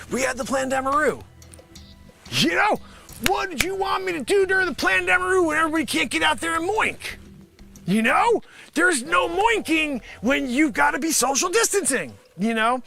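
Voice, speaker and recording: A man hosting a live improv comedy show, rambling through a pitchman bit and talking to an imagined panel, now and then bursting into shouts. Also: lively intonation, normal speed, gravelly, faint music behind.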